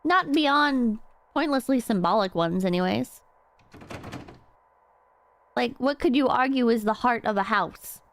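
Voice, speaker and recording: Woman streamer, really high voice, rambly and hyper, cusses a lot. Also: measured pace, gravelly, pauses often. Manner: excitable, rambling, swears freely. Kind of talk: casual game stream chat.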